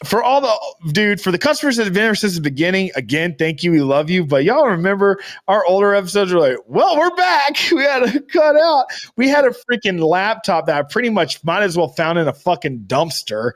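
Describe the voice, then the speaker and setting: A man co-hosting a podcast in casual, excitable chat, swearing freely. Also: high voice, brisk. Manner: excitable, swears a lot, jumps into voices. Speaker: podcast co-host. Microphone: video call camera.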